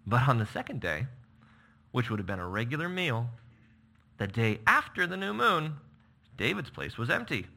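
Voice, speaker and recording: A man's voice: mid-range voice, sing-song, normal speed, creaky, pauses often, pushed and bright. A man preaching a sermon, reading scripture with emphatic, dramatic delivery. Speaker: pastor.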